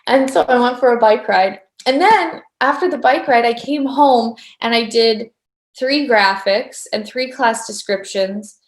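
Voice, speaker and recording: A middle-aged woman speaking casually to her viewers, telling a story with lively re-enactments of her own thoughts. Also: mid-range voice, roomy sound. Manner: animated storytelling, acting out her own inner voice. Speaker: personal growth speaker. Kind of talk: casual talk to camera.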